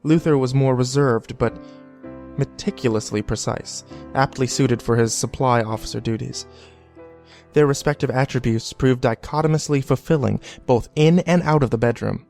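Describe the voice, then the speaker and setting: A man narrating an audiobook in a measured, even storytelling manner. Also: medium pitch, vocal fry, faint music behind.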